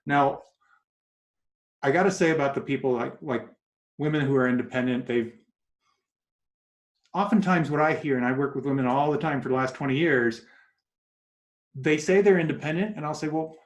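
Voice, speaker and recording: A man giving advice as a guest in an interview, animated and acting out quoted voices as he tells stories. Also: mid-range voice, moderate pace, pauses often. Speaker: guest coach. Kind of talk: casual interview talk. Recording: echoey room.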